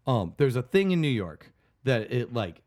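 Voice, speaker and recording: A man in casual podcast chat, joking and animated as he pitches silly ideas. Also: moderate pace.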